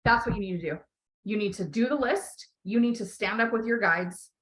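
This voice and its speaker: Brief: woman life coach, blunt and encouraging, swears freely, mid-pitched. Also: normal speed, a bit bright, rough recording. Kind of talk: coaching call.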